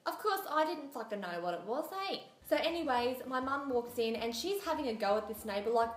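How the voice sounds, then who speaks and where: A woman's voice: a little high, lively intonation, a little fast, hardly any pauses. A young woman telling a story in a casual, chatty vlog, sarcastic and acting out the lines of people in it. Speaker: beauty vlogger. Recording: echoey room with faint music.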